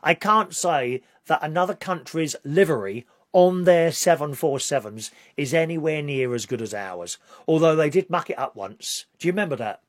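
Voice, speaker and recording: A man's voice: fairly high pitch, animated, moderate pace, few pauses, dry recording, clean studio sound. A man with a British accent talking casually to camera in a rambling, opinionated way, now and then rising to indignant outbursts. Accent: British English. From Britain. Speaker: vlogger.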